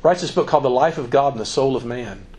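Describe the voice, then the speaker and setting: A man's voice: mid-range voice, quick pace. A man giving an informal, joking talk to students as a campus minister, acting out quoted voices. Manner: animated, joking, acts out quotes.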